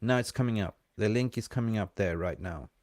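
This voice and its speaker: Excitable guy w/ a mixed kinda aussie accent chatting to viewers on a live stream, lowish voice. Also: fairly quick, no echo, clean studio sound. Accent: mixed, hint of Australian. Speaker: fan channel co-host. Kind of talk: casual live-stream chat.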